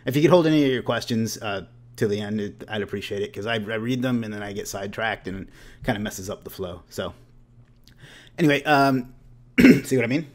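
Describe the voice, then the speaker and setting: Fast-talking man hosting a webinar. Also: on the low side. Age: late 30s. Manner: joking, self-deprecating asides; loose and conversational, with restarts. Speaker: webinar host. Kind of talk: casual webinar presentation.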